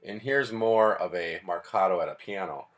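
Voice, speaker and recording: A man's voice: deep voice, normal speed, soft background music. A man teaching a band lesson in a patient, plainspoken, explanatory way. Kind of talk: music lesson.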